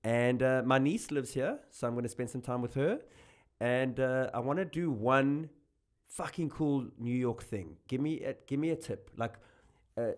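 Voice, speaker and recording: A man with a South African accent, a guest comedian chatting on a podcast. He is animated and jokey, often restarting his sentences. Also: medium pitch, moderate pace. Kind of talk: casual podcast chat.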